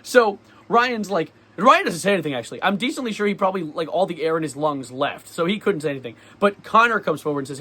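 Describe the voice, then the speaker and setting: A young man vlogging, telling a story in a lively, sarcastic way and often laughing. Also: fairly high pitch, brisk, hardly any pauses. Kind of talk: casual storytelling vlog.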